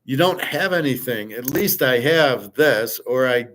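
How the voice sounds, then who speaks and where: A man's voice: medium pitch, expressive, a little slow, a bit bright. Rambling sarcastic male host. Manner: rambling, sarcastic, with frequent restarts. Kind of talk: casual opinionated monologue.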